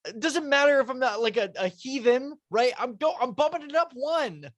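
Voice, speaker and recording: A man's voice: very high-pitched, expressive, normal speed, crowd noise. A man, a radio co-host, teasing in casual banter.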